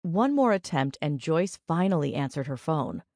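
This is scripted audiobook narration by a woman with a low voice, paced in a calm, even storytelling style. The sound is clean studio audio with no room sound.

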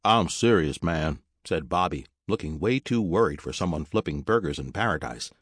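A man narrating a story as an audiobook in a steady storytelling manner. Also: sits low, a little fast, slightly rough, no room sound, studio quality.

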